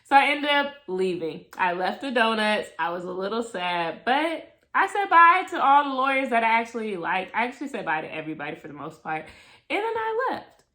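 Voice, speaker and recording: Animated young woman telling a story. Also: on the high side, fairly quick. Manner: animated, acts out quoted voices. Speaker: vlogger. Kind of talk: casual storytelling to camera.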